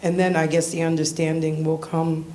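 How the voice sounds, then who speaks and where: A woman visiting a church, giving a tearful, halting personal testimony with nervous laughs. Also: low-pitched, flat delivery, darkish tone.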